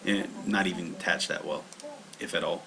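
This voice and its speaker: A man's voice: low voice, steady tone, moderate pace, creaky, crowd noise. A man teaching kanji on a livestream in a rambling, casual way, with many fillers and restarts. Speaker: language teacher. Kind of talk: livestreamed kanji study lesson.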